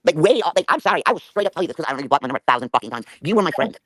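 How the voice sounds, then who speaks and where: Woman ranting fast on a livestream, lots of swearing, dry close sound. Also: deep voice, big pitch swings, a bit bright, no echo. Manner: rapid, profane and emotional. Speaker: livestream guest. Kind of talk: heated livestream conversation.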